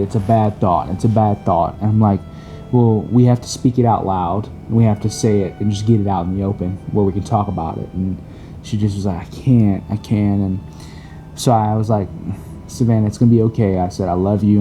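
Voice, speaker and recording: A young man with a low, very mellow, dark voice speaks earnestly to his wife. He pauses and restarts often, gentle and sincere. Faint music sits under his voice. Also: steady tone. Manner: earnest, halting, many fillers. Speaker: husband co-host of couple's channel. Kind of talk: casual heartfelt couple's talk.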